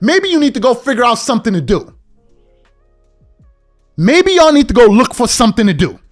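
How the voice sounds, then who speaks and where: A man's voice: very high voice, big pitch swings, brisk, long pauses, soft background music. A man hosting a podcast, venting in a heated, repetitive, emphatic rant straight to the audience. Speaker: podcast host.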